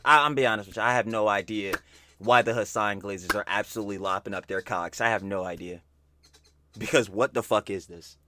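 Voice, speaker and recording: A man hosting a reaction video, casual and profane, swinging from slangy chatter to loud outraged yelling. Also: fairly low pitch. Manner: slangy, fast-talking intro to viewers.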